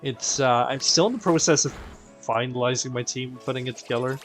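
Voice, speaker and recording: A man's voice: mid-range voice, brisk. A man hosting a live stream, chatting playfully with his viewers. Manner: animated and playful, addressing chat as "people". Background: faint game music.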